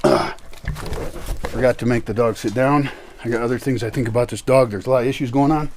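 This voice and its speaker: A man in a casual home vlog, talking to his dogs, coaxing them and calling them loudly at times. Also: mid-range voice, fairly quick, slight background noise. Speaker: vlogger.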